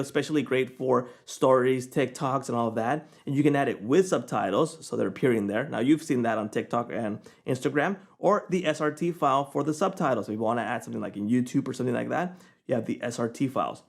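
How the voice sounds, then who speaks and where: Chatty man walking through software. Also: medium pitch, quick pace, gravelly. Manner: casual, chatty, keeps checking in with "okay?". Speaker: software reviewer. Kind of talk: screen-recorded software tutorial.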